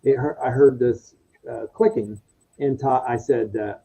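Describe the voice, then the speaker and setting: A middle-aged man, a podcast guest, telling a story casually in a rambling, halting way. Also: medium pitch, steady tone, gravelly, warm tone, slightly rough, poor audio.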